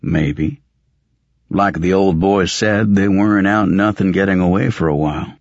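Male audiobook narrator: deep, husky, slow and steady; dry, slightly dull recording. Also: no echo. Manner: steady, measured storytelling. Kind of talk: scripted fiction narration.

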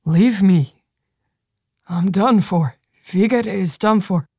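A gravely wounded young soldier, dry-throated and croaking, worn out and ready to give up, as a woman reading puts him on. His voice drops a little below the reader's own, in a dry, close sound. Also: mid-range voice, slow pace, a little mellow, no echo. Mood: weary. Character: wounded young male soldier Hake, weary and hopeless. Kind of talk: audiobook character voice.

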